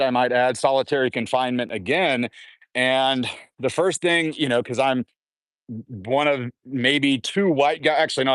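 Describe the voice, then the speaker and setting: Casting: man, mid-pitched, rambling storyteller with lots of "um" and "you know", dry close recording. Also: clean tone, dry recording. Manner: rambling with frequent fillers and restarts; acts out quoted voices in a raised pitch. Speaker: guest recounting jail time. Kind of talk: casual storytelling.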